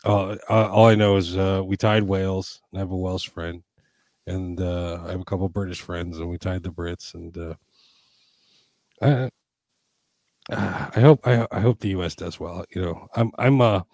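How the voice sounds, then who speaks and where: A man from Panama chats loosely on a podcast, often restarting his sentences and dropping the odd swear word. His voice sits fairly low, and it is recorded dry and close. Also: fairly even intonation, normal speed, a little mellow, no echo. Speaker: podcast co-host. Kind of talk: casual chat.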